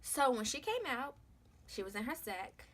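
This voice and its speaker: A woman's voice: sits high, very animated, normal speed, a bit bright. A young woman, telling her own story to camera in a candid, emphatic, conversational way. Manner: emphatic, conversational, slangy, repeats phrases for stress. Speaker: vlogger, mother sharing her birth story.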